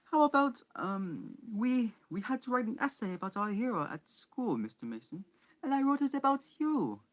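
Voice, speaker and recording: A man voicing a spoiled, smug chubby schoolboy in a high, squeaky put-on voice with a shaky English accent. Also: sing-song, fairly quick, vocal fry, muffled recording, full character voice. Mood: simpering.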